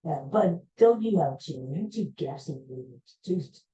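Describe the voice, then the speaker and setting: Woman podcast host, rambling and jokey, low-ish dark voice, slightly muffled recording. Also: expressive, moderate pace. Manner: rambling, jokey, teasing the studio crew. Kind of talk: casual chat.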